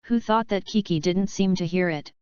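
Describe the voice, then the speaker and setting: A woman narrating a fan fiction audiobook with steady, even reading. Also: on the low side, normal speed, smooth, dry recording, muffled recording. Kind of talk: scripted narration.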